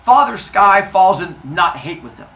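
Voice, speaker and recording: A man retelling a myth to a live audience of kids in an animated, jokey way, acting out voices. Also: high voice, measured pace, slight background noise. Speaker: storyteller for kids.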